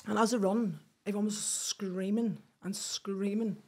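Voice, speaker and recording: A woman telling a painful personal story as a podcast guest, halting and restarting, acting out what people said. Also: mid-range voice, dark tone, breathy edge. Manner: halting, with restarts and quoted speech. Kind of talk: emotional personal account.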